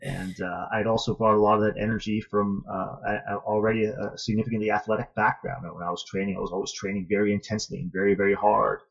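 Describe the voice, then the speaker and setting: Husky low-voiced man telling a story. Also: level tone. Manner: earnest, thoughtful, measured. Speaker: interview guest, martial arts student. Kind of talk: reflective personal storytelling. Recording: dull lo-fi audio.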